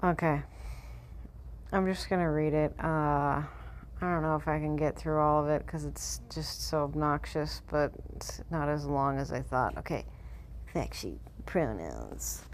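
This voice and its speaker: A woman with a notably low voice reads a web page aloud on her vlog. She keeps interrupting herself with blunt, scornful asides full of swearing. A faint hum sits behind her. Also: little pitch movement, normal speed. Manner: blunt, mocking, profane commentary. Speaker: vlogger.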